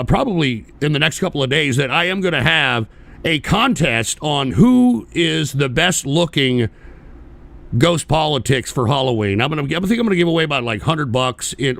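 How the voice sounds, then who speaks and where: A man's voice: fairly high pitch, moderate pace, creaky, no room sound. A man hosting a live political talk stream, ranting bluntly with heavy swearing and reading out viewer donations. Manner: blunt, profane, animated ranting. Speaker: political talk show host.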